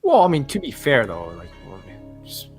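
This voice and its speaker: Lively, hesitant podcast co-host man. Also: mid-range voice, normal speed, faint music behind. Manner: relaxed, hesitant, with frequent fillers. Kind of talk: casual live-stream chat.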